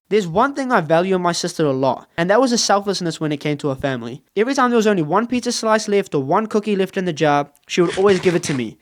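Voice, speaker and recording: Lively young male storyteller. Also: high-pitched. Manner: playful, wry, self-mocking. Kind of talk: comedic storytime narration.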